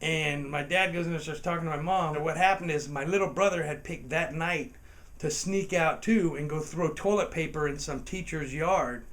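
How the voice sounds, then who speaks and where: A man tells a comic story in a casual, profane way, laughing as he goes. He acts out the other voices in the tale, and his voice sits a little high. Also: moderate pace, fairly bright tone.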